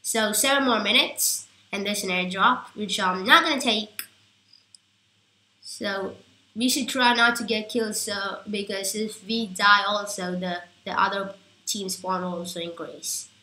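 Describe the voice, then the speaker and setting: A woman chatting through live gameplay commentary, rambling and getting excitable at big moments. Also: medium pitch, a little slow, reverberant, poor audio. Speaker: gaming YouTuber.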